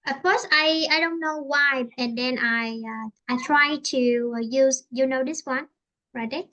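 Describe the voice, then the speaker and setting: A woman with a Vietnamese accent teaches English in a relaxed lesson chat. Her voice sits high and sounds bright. She hesitates often and fills the gaps while she searches for the right words. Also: unhurried, lo-fi sound. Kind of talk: online English lesson conversation.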